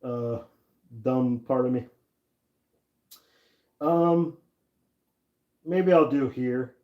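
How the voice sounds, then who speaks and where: Talking extremely slowly in a medium-pitched voice, a man in his thirties hosts a woodworking livestream, working an axe handle while chatting and laughing with viewers and answering their messages. The sound is lo-fi.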